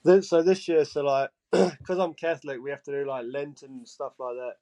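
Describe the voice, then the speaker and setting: A man in his twenties from England with a Geordie accent, a podcast guest telling animated stories and laughing often. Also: fairly high pitch, normal speed. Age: 20s. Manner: animated, laughing, acts out quoted voices. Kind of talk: casual storytelling chat.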